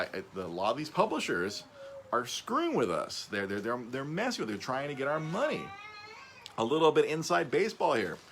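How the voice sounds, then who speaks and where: A man hosting a casual podcast, rambling, stumbling over and repeating his words, his voice jumping up when he gets excited. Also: lowish voice, a little hiss or hum. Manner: excitable, voice jumps up on emphasis. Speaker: podcast host.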